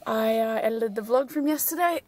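Brisk and fairly high-pitched, a breathless woman vlogger chats casually and rambles, often at her own expense, over background music and a noisy backdrop.

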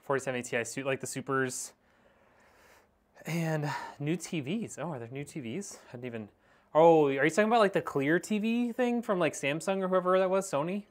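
Speaking a little fast, a man with a fairly high, expressive voice rambles casually to his live-stream viewers while putting together a PC. He's chatty, slightly breathless, and calls them "y'all," talking through a wireless clip-on mic.

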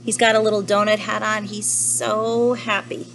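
Gentle woman reading a storybook to kids. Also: medium pitch, level tone, normal speed, vocal fry, a little hiss or hum, poor audio. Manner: gentle, asks the listener questions. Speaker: teacher reading to children. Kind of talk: children's story read-aloud.

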